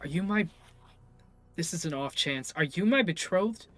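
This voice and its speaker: A man's voice: fairly high pitch, lively intonation, moderate pace, faint music behind, close to an everyday voice. A man voicing a lovestruck male warrior who is earnest, tearful and dramatic in a tabletop game. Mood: eager. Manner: dramatic, yearning. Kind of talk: tabletop role-play.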